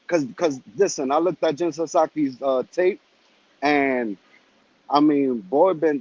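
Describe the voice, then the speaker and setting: A man calling into a live show who tells a story with animated street slang. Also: on the high side, highs cut off. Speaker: caller. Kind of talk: casual call-in chat.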